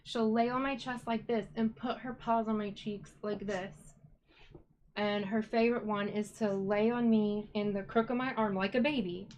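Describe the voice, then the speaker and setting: A woman's voice: medium pitch, steady tone, normal speed, a little mellow, slight background noise. A woman hosting a casual live stream as a yarn dyer, chatty and upbeat, talking to her viewers as she works.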